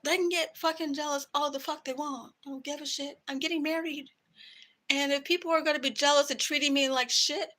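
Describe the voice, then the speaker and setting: A woman's voice: high-pitched, bright, forceful tone. A woman vlogger ranting to camera in a heated, profane way about her work. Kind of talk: angry personal rant to camera.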